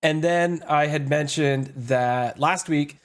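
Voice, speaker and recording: A man's voice: fairly high pitch, slow. A man hosting a podcast, chatting in an easygoing, enthusiastic way. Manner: easygoing, enthusiastic about books. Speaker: podcast host. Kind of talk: casual podcast chat.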